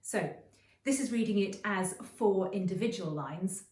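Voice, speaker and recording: A middle-aged woman teaching creative writing in a chatty, explanatory video lesson, often pausing with ums and restarting phrases. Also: medium pitch, darkish tone, distant mic. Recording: roomy echo, voice a bit off-mic.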